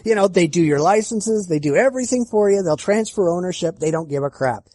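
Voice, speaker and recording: A man's voice: high voice, animated, fairly quick, dark tone, no echo. A man hosting a podcast, ranting in a profane, indignant and sarcastic way. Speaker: podcast host. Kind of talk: angry ranting podcast chat.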